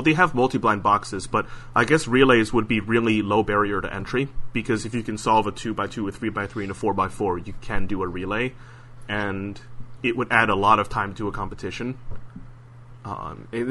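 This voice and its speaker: A man being interviewed in a relaxed podcast conversation, his voice bright and forceful. He sits slightly low in pitch and talks hesitantly, full of fillers and false starts. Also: moderate pace, a little hiss or hum. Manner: hesitant, lots of fillers and restarts. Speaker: interview guest. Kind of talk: casual podcast chat.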